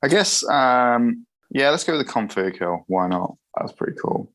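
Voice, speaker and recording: A man co-hosting a film podcast in relaxed, jokey casual chat. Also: medium pitch, normal speed, low-quality recording. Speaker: podcast co-host.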